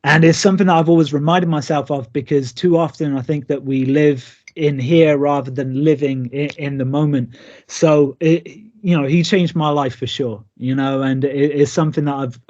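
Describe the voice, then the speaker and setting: A man in his thirties, a wrestler by trade, tells stories from the ring and slips into the voices of the people he quotes. His voice sits a touch high for a man. The sound is dull and lo-fi, like a call recording. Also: moderate pace. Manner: lively, acts out quoted lines. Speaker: pro wrestler, guest. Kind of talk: remote interview storytelling.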